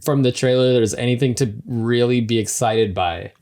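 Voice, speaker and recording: A man co-hosting a casual podcast, laughing easily between dry, sarcastic remarks. His voice sits at an everyday middle pitch. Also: moderate pace, darkish tone. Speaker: podcast co-host.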